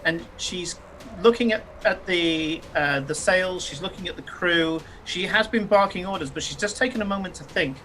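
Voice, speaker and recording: A man narrating as game master of a tabletop game, speaking haltingly with many fillers. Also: sits high, sharp tone, slight background noise.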